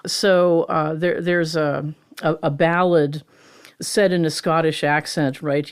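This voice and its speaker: A woman, a professor explaining linguistics in a lively conversational way and often asking "right?". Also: low voice, clean tone. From Pittsburgh, USA. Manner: animated and chatty, explains with rhetorical "right?" and quick laughs. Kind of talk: conversational lecture in an interview.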